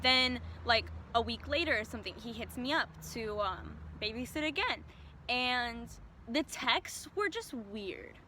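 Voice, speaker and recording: Young woman vlogger, higher-pitched and bright, chatty storyteller who says "like" constantly. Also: lively intonation, measured pace, slight background noise. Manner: chatty, peppers speech with "like". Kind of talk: casual storytime.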